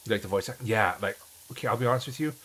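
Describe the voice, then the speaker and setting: Chatty low-voiced man streamer. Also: rapid-fire, a bit bright, rough recording. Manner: rambling, chatty, many restarts. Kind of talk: casual chat while gaming.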